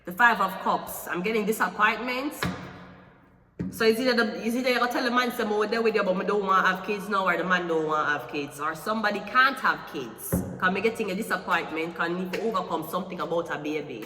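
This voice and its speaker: A woman's voice: lowish voice, fairly quick, bright, forceful tone. A woman giving a blunt, emotional tarot reading and swearing freely. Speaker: tarot reader. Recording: echoey room with long reverb, faint music.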